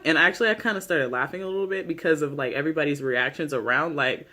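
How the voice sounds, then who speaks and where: Man, casual TV recap vlogger. Rambling and slangy with lots of cursing, a touch higher-pitched than most. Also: fast, hardly any pauses, bright, forceful tone. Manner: rambling, heavy use of "like" and "you know"; swears freely, slangy. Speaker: YouTube show recapper.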